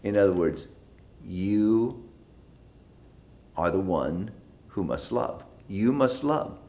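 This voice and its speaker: Male pastor, deep voice, unhurried, emphatic teaching delivery. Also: animated, mellow. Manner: slow, emphatic, repeats phrases for stress. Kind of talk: Bible study teaching.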